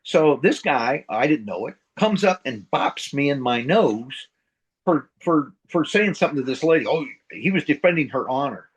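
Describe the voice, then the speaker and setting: Middle-aged man, ex-Marine senior enlisted, slightly higher voice, profane rambling raconteur, casual interview. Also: animated, moderate pace, breathy edge, low-quality recording. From central United States. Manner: rambling, profane, blunt, voices sound effects. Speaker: retired Marine sergeant major, guest.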